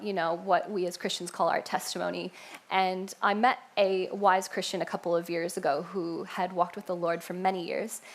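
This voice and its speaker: A young woman from New York with a New York accent, sharing her personal faith story at church in a chatty way with many fillers. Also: medium pitch. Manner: chatty, warm asides with fillers and laughs. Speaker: church member sharing testimony. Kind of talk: personal testimony talk.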